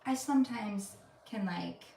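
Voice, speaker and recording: A woman's voice: medium pitch, measured pace, vocal fry, dark tone, a little hiss or hum. A woman with a Wisconsin accent, chatting casually and laughing at herself as co-host of a family live stream. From Wisconsin, USA. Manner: chatty, giggly, self-deprecating. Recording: echoey room, distant mic.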